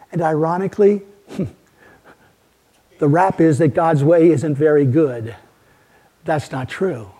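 Earnest preaching man, dark husky tone. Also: on the high side. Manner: earnest, building to emphatic peaks, then hushed. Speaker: pastor. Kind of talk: sermon. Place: church.

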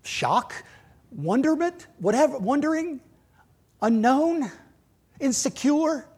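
A middle-aged man preaching a sermon in a church, earnest, swinging from loud to near-whispered. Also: high-pitched, husky. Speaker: pastor.

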